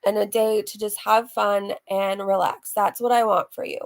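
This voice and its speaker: A woman's voice: medium pitch, steady tone, normal speed, gravelly. A woman hosting a reaction commentary, chatty and gushing as she reads out live donations. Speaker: commentary channel host. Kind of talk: reaction commentary over a played vlog.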